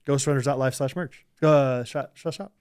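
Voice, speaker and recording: A man's voice: mid-range voice, fairly even intonation, moderate pace, darkish tone, clean tone. A young man co-hosting a podcast, chatting casually and leaning on "like" and "I mean". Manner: chatty, filler-heavy, lots of "like" and "I mean". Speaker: podcast co-host. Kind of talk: casual chat.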